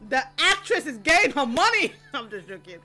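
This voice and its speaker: A young woman gives excited anime-reaction commentary, full of loud exclamations and laughter. Her voice is high and bright and leaps all over its range. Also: moderate pace, faint music behind.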